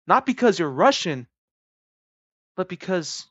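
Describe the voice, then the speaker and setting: A young man rambling casually to his YouTube viewers, jumping into high squeaky voices for the people in his made-up stories. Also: big pitch swings, measured pace, no room sound, muffled recording.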